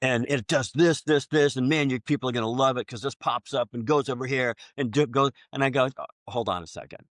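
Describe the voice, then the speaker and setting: A man hosting a podcast, chatting casually and acting out both sides of sales conversations, with many halting restarts. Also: medium pitch, a bit bright, dry recording, clean studio sound. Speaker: podcast host.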